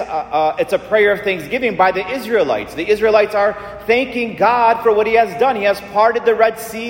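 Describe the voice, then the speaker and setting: High-voiced preacher in an echoing church. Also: male voice. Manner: earnest, repetitive preaching. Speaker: Catholic priest. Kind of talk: sermon. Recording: echoey church with long reverb.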